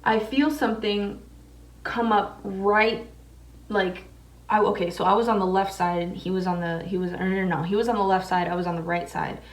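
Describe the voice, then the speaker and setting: A woman's voice: medium pitch, fairly even intonation, moderate pace, distant mic. Swearing woman telling a tale, echoey. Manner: casual, heavy swearing, many fillers. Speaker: makeup vlogger. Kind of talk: casual storytelling while doing makeup. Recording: echoey room, voice away from mic.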